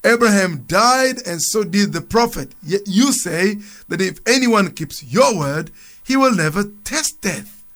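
The voice sits high and is expressive, unhurried and a bit bright. It belongs to a church speaker on a radio program who reads scripture aloud, then comments conversationally, restarting and chuckling along the way.

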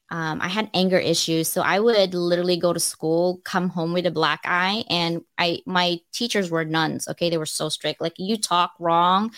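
A middle-aged woman speaking at an online audio event, telling candid personal stories with animation, quick to laugh and close to tears. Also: lowish voice, dry recording. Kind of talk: emotional personal storytelling.

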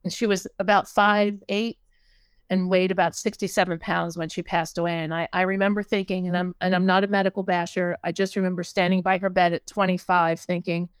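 An older American woman with a fairly low voice tells her own story, stopping and restarting often and acting out what people said. The sound is dry and close, with almost no room echo. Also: flat delivery, smooth. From United States. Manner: halting, with many restarts and acted-out quotes. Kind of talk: personal storytelling.

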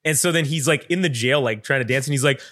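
A man's voice: mid-range voice, quick pace, fairly bright tone. A man hosting a podcast, telling a story in casual chat, swearing freely and acting out what other people said. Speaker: podcast host.

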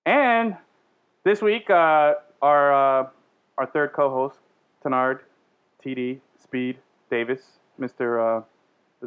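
Jokey podcast host, lo-fi. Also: male voice, mid-range voice, clear, resonant tone. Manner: jokey, laughing, hypes himself up. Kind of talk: casual sports podcast chat. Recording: dull lo-fi sound.

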